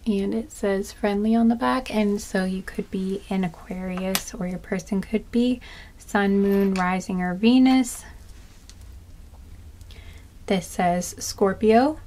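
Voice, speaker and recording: Slow, soft-spoken woman card reader. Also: medium pitch, fairly even intonation. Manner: slow, soft-spoken, listing charms with small asides. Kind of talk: slow pick-a-card reading.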